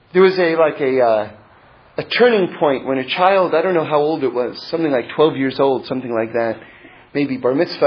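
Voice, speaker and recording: A man teaching Torah in a loose, conversational way, with rambling asides and stretches where he drops low and mutters. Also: highs cut off. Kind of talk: informal Torah lesson.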